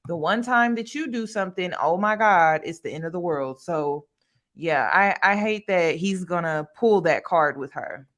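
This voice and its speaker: A woman's voice: lowish voice, animated, moderate pace, fairly bright tone. A woman hosting a reaction video, speaking candidly and directly to her viewers. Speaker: commentary host. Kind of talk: reaction commentary.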